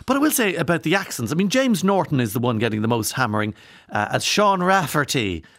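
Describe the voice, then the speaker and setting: A man's voice: a little high, sing-song, brisk, creaky, fairly bright tone, no echo, studio quality. A man hosting a radio show, chatting wryly and at length and often letting his voice fall away. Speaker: radio host.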